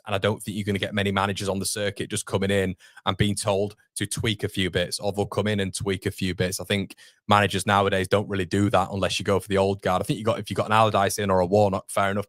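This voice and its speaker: A man's voice: lowish voice, no echo, clean studio sound. A young man hosting a live football fan stream, chatting casually and reading viewer comments aloud. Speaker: fan channel host. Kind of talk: live football watchalong chat.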